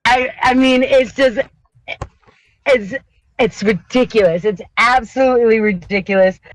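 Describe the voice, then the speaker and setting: A woman's voice: fairly high pitch, measured pace, rough recording. A young woman chatting casually on a podcast, ranting with profanity and mimicking others in mocking voices. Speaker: podcast co-host. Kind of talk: casual chat.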